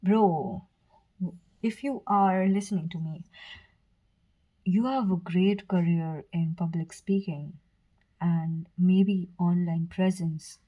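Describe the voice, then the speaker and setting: A woman giving a pick-a-card tarot reading, speaking softly and earnestly to the viewer, with fillers, restarts and brief whispers. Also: lowish voice, slow, long pauses, poor audio. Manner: soft, earnest, direct address with fillers and self-corrections. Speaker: tarot reader.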